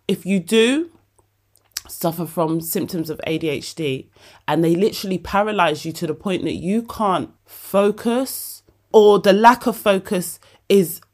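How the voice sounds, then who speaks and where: A woman, hosting a podcast and talking casually and emotionally about herself, often calling the listener babe. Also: fairly low pitch. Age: 40s. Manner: chatty, emotional, self-mocking, calls listener babe. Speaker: podcast host. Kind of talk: casual personal monologue. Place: bedroom at home.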